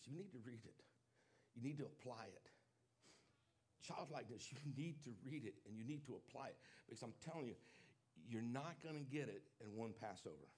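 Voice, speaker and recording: A man preaching a sermon, emphatic and confessional, swinging from loud declarations to hushed admissions. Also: mid-range voice, breathy edge.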